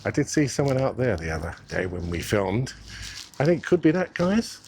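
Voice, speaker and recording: A man's voice: medium pitch, big pitch swings, normal speed, darkish tone, slight background noise. A man giving casual walking-tour commentary outdoors, musing aloud and chatting to viewers while he walks and films. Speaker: vlogger. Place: outdoors on city streets. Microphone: clip mic under his coat.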